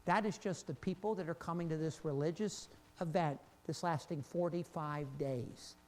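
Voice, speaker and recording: A man preaching in a church service, with a high voice for a man. He is animated and repeats himself as he builds a point, then drops to a softer, slower voice. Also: slight background noise. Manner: animated, repeats and restarts, laughs between points, swings from loud to quiet. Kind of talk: sermon.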